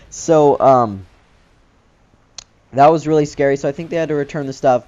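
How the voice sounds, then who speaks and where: A man's voice: mid-range voice, fast, warm tone, muffled recording. Rambling young man telling a story. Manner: rambling, loose, filler-heavy talk. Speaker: gaming channel host. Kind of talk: casual storytelling over gameplay commentary.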